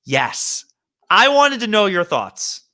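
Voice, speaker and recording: A man hosting a podcast, chatting casually and telling rambling, animated stories. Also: high voice, slow pace. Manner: animated storyteller, rambling asides. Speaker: podcast host. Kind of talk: casual chat. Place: Hoboken.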